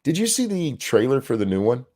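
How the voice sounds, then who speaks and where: A man co-hosting a casual podcast chat, animated and profane, tripping over words as he reads viewer comments aloud. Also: medium pitch, brisk. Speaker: co-host.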